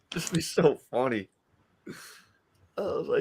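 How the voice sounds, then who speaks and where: A man's voice: on the high side, animated, slow, darkish tone, slight background noise. A man co-hosting a casual podcast, telling stories with laughs and swearing. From Illinois. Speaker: podcast co-host. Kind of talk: casual chat.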